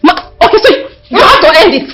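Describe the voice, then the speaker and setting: High, lively woman pleading and scolding. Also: quick pace, slight background noise, rough recording. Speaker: actor in a family drama. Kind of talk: Nigerian village skit acting.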